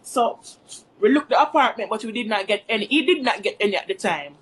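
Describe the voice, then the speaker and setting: High-voiced chatty woman vlogger. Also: lively intonation, brisk, slightly rough. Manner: rambling, chatty, addresses viewers as guys. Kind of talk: casual storytime vlog.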